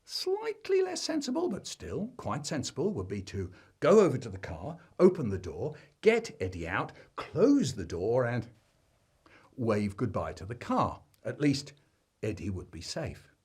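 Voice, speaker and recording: A man telling a comic family story, swinging between deadpan asides and loud bursts. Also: mid-range voice, unhurried, slightly rough.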